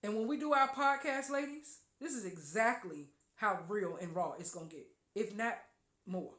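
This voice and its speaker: A woman hosting a podcast, giving an emphatic, preachy spiritual talk with loud exclamations. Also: medium pitch, lively intonation, normal speed, reverberant. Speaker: podcast host.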